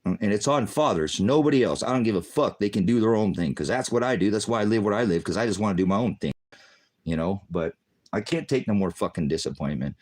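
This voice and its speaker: An older man ranting angrily to camera, swearing constantly, tired and worn out, swinging between loud outbursts and low muttering. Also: lively intonation, fast talker. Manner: profane, bitter, swinging between shouting and muttering. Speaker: vlogger. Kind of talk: angry personal rant.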